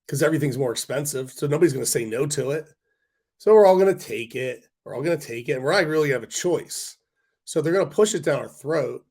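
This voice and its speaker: A man hosting a casual stock market livestream, talking bluntly in a rant with quick asides to his viewers; his voice is hoarse and congested. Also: a little high, darkish tone. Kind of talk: casual livestream talk to chat.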